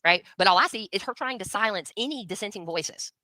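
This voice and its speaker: A woman's voice: medium pitch, animated, quick pace, pushed and bright, no room sound. A woman in a livestream talk, blunt and combative, pressing her points hard. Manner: blunt, combative, repeated challenges. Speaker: livestream co-host. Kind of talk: heated casual commentary.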